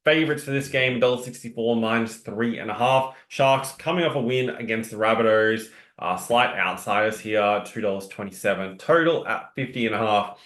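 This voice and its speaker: A man talking through sports betting odds and trends in a steady, informative way, with frequent "uh" and "um". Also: on the low side, moderate pace, hardly any pauses. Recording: roomy echo.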